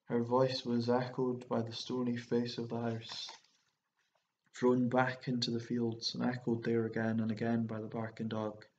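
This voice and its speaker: A man narrating a first-person short story in a measured, even way. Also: mid-range voice, slight background noise. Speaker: audiobook narrator. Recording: muffled audiobook recording.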